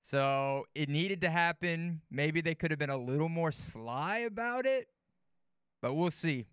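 Relaxed and quick to laugh, a sports talk show guest repeats words as he tells stories in casual chat. He speaks a little slowly in a high-side, clean voice, in a dry recording with clean studio sound.

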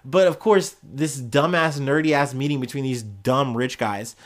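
A man's voice: medium pitch, a little slow. A man hosting a casual solo news podcast, jokey and sarcastic, laughing often as he riffs. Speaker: podcast host.

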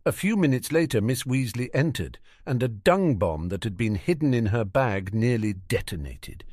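A man's voice: medium pitch, very animated, moderate pace, a little mellow, no echo, clean studio sound. A man doing a formal, composed schoolboy.

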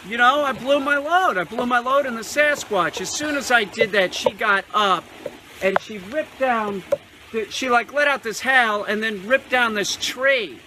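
A man telling a rambling, halting confessional story outdoors, repeating himself and growing distraught. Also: extremely high pitch. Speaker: man in a confessional video clip. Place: outdoors in a dry creek bed. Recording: noisy outdoor video clip.

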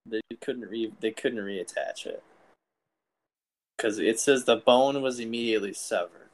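A man's voice: on the low side, unhurried, low-quality recording. A man co-hosting a podcast, telling a story in casual chat with a teasing, joking manner. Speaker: podcast co-host.

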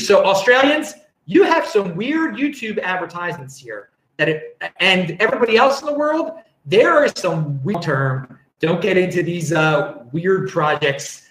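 A man's voice: high voice, big pitch swings, unhurried, a bit bright, roomy sound, poor audio. A man hosting a casual live-streamed show, rambling and chatty as he reads out viewer comments. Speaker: show host.

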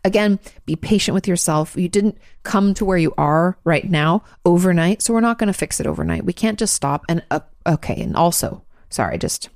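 A woman talks quickly and frankly, answering listener questions in a casual advice chat. Her voice sits low with a gravelly, fried edge. The sound is dry and close, with no room around her. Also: animated, darkish tone, no echo. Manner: fast, chatty, frank, swears casually.

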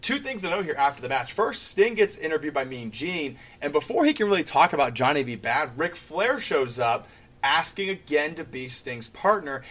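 A man co-hosting a chatty podcast, his voice slightly higher than most. He recaps events animatedly and often breaks into laughter. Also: sing-song, moderate pace, a bit bright. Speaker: podcast co-host. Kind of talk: casual chat recapping wrestling shows.

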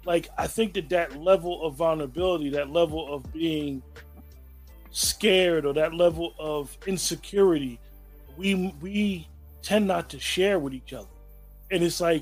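A man's voice: fairly high pitch, a little slow, breathy edge, faint music behind. A man hosting a casual group discussion, reflective and thoughtful, often restarting sentences as he thinks.

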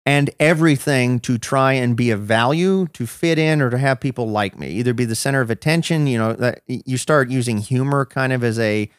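A male podcast guest recounts his own story, reflective and self-deprecating, with many restarts. His mid-range voice is clear and resonant, fairly quick with hardly any pauses, and the studio sound is clean with no echo.

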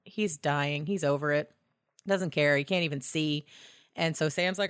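A woman co-hosting a podcast, recapping a film in casual chat, laughing often, swearing and acting out lines in quick voices. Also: low voice, clear, resonant tone, dry recording, studio quality. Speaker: podcast co-host.

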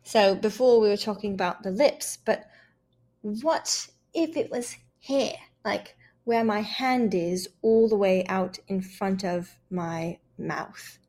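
An American woman coaches accents in a lesson conversation, her medium-pitched voice mellow and unhurried. She's encouraging, laughs often, and fills her speech with "um" and similar fillers.

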